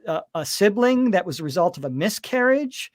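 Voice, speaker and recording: A man's voice: sits high, normal speed. A man hosting a live video chat, telling stories at an easy pace with plenty of ums. He often acts out the voices of the people he quotes. The sound is dry and close, with no room echo. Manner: relaxed, many fillers, acts out quoted voices. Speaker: host.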